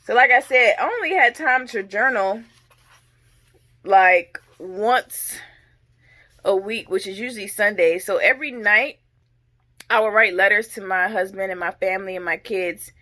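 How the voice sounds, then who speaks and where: A woman's voice: mid-range voice, measured pace. A woman in her thirties casually telling a story in a vlog, acting out commands and groans, a little out of breath. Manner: animated, acts out drill commands and groans. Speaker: vlogger.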